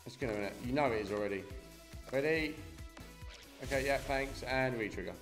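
A man's voice: mid-range voice, moderate pace, soft background music. A young man doing casual live-stream commentary, swearing freely and chatting to his viewers. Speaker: slot streamer.

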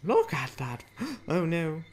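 A man's voice: on the high side, huge pitch swings, takes it slowly, a little mellow, a little hiss or hum. Jittery, jokey man yelping through a scary game. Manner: jittery, jokey, swears and yelps. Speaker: gaming YouTuber. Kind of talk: frightened let's-play commentary. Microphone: desktop USB microphone.

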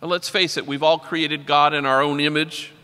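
A man's voice: a little high, steady tone, moderate pace, sharp tone, clear, resonant tone. A man, a priest, giving an inspirational conference talk full of stories and quotations. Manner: story-driven, quotes poets and people he works with. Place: large conference hall. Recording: long hall reverb.

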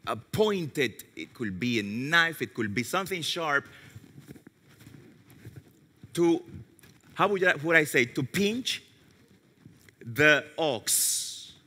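A male pastor delivers a sermon in a high, very bright and forceful voice, full of animated, self-mocking storytelling. His pitch leaps around, and he sinks to a hushed, low tone for quoted words. The sound carries a long reverb, as in a large hall. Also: slow, pauses often.

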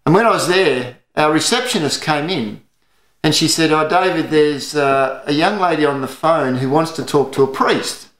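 Earnest Australian pastor in an echoey room. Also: male voice, fairly high pitch, fairly bright tone. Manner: earnest storytelling preaching. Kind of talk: sermon.

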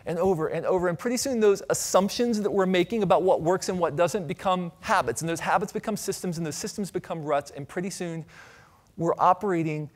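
A brisk, high-voiced man from Ohio gives a keynote talk with audience questions from a conference stage. He's animated in his storytelling, tossing in asides to the audience and bits of light humor.

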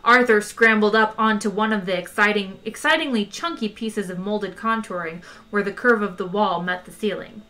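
A woman reading a comic science-fiction novel aloud in a lively, wry way. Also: medium pitch, normal speed. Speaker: audiobook reader. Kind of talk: expressive audiobook narration.

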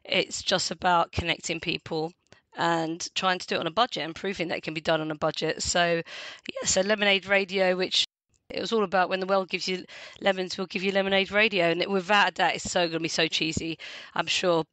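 A woman in her forties talks as a podcast guest, chatty and animated, with frequent laughter. Her voice sits a little low but rings bright and forward. The sound is close and dry. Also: a little fast, dry recording. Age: 40s. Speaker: guest, community radio host. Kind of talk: casual podcast conversation.

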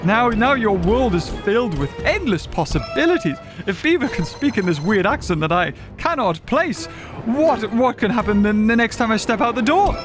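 A man's voice: on the high side, lightly acted. A man putting on a theatrical voice in a strange, unplaceable accent, musing dramatically over game music. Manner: dramatic, mock-philosophical delivery.

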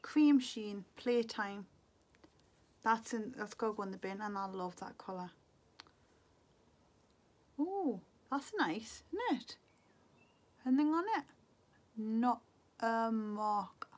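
A woman's voice: a little high, lively intonation, slow pace, pauses often, darkish tone. A middle-aged woman from England, chatting to camera as a beauty vlogger, muttering to herself in a wistful, casual way. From Northeast England.

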